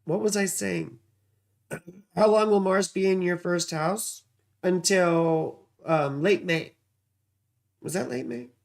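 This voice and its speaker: Gravelly, slow-talking male astrology streamer. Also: high-pitched. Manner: rambling, distracted, swears casually. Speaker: astrology livestream host. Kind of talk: casual livestream astrology reading.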